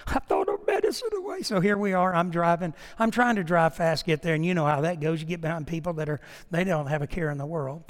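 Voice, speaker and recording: A man's voice: on the high side, fairly even intonation, fast talker, hardly any pauses. A male pastor, preaching a sermon through folksy, humorous storytelling that turns into earnest appeals. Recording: long hall reverb.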